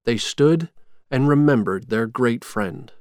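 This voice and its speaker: A man reading a storybook chapter aloud in a slow, measured, clear way. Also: medium pitch, dry recording, studio quality. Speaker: narrator.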